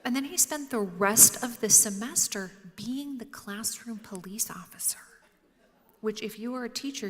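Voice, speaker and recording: A woman telling humorous, self-mocking stories to an audience on stage, dropping to a whisper for quoted lines. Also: medium pitch. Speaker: featured speaker. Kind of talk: storytelling on stage. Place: lecture hall with audience. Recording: roomy hall reverb.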